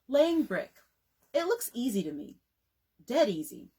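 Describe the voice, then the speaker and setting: A woman's voice: on the high side, very animated, unhurried, dark tone, slightly rough, voice pushed up, full character voice. A woman reading as a cocky, teasing New England man. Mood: boastful. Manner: breezy, teasing, patronizing. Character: brash joking middle-aged man, courting suitor.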